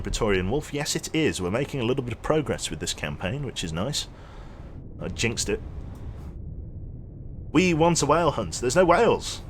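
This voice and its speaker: A young man casually commentating his gameplay on a livestream, chatty and quick to launch into an animated story. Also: mid-range voice, slight background noise. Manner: chatty, animated storyteller who thanks subscribers. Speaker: streamer.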